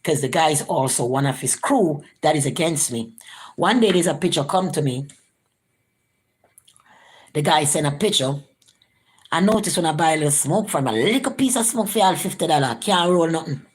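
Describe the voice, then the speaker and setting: A woman recounts events in a casual vlog, her everyday voice sitting low. She slips into higher, animated voices whenever she quotes someone. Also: normal speed, husky.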